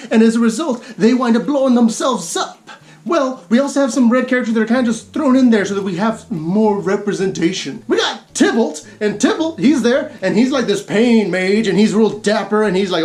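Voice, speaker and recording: A woman with a fairly high voice, ranting for comic effect as a gaming video host. She sounds exasperated and sarcastic, with emphatic stresses and quick laughs. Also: big pitch swings, a little mellow. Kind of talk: comedic rant commentary.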